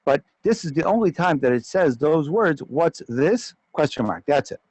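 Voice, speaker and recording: A man teaching a Torah class as a rabbi, animated and often stumbling over repeated words as he explains. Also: a little high, normal speed, dry recording, rough recording.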